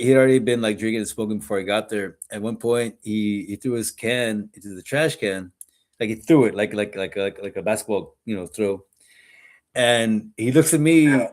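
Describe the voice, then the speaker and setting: A man co-hosting a podcast in casual chat, a rambling storyteller who repeats words and laughs often. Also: on the low side. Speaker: podcast co-host.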